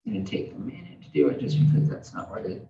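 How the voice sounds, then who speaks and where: A man operating the mapping software during a meeting, answering briefly and explaining what he is doing, recorded from afar in a roomy room. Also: fast talker, background noise. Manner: brief, responsive, explains map actions. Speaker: map operator. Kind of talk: working meeting discussion. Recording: roomy, distant, dull meeting-room audio.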